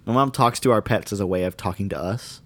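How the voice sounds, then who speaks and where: A young man co-hosting a casual podcast, telling family stories in an animated, laughing way. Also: lowish voice, quick pace, dry recording. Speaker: podcast co-host. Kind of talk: casual chat.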